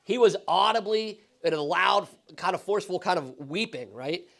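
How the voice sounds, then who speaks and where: High-voiced pastor teaching casually. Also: male voice, normal speed, gravelly, fairly bright tone. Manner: casual, asks the class questions, frequent "right?". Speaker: pastor teaching Bible study. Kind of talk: conversational Bible teaching. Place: church classroom.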